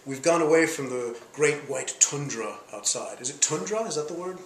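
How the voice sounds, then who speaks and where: A man's voice: on the high side, lively intonation, normal speed, reverberant, slight background noise. A man hosting a casual wine tasting, chatty and full of leading questions, recorded on a handheld camcorder. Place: outdoors in snow, then indoors.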